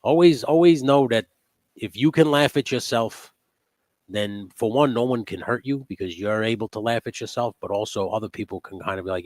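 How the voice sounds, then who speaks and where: A man's voice: on the low side, brisk, no echo. A man in casual chat as a guest, laid-back and profane, laughing often. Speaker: podcast guest.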